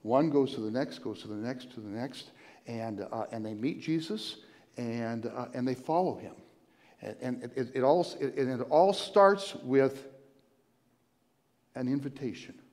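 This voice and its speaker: A man preaching a conversational sermon as pastor, retelling a story in a halting way, repeating and restarting words and inviting listeners to join in. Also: medium pitch, darkish tone. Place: church sanctuary. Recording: long hall reverb.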